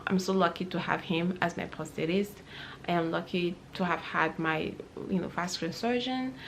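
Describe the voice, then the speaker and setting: A woman in her thirties talks straight into her phone camera in a casual vlog. Her voice sits a little low, and she rambles sincerely, circling back over her words with plenty of fillers. A faint hum of room noise sits underneath. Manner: heartfelt, rambling with many fillers and restarts. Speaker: vlogger. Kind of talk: casual personal vlog story.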